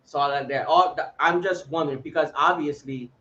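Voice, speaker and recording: Casting: easygoing male podcast co-host, a touch high-pitched, slightly muffled audio with faint noise. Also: fairly even intonation, normal speed, pushed and bright. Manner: laid-back, laughs often, swears freely. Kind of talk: casual chat.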